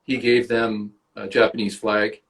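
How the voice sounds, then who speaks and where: A man's voice: lowish voice, level tone, measured pace, fairly bright tone. A man with a Canadian accent, an actor and guest on an interview podcast, tells casual stories and swears freely. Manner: swears freely, storytelling with acted quotes.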